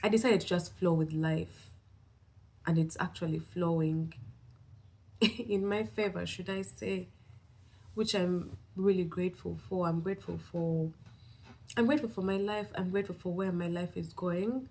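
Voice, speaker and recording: A woman from East Africa records a relaxed vlog update, her voice sitting a touch low. She rambles cheerfully and gushes with gratitude. A slight breathlessness runs under her words. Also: moderate pace, pauses often. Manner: rambling, upbeat and effusively grateful. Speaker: vlogger. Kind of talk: casual vlog check-in.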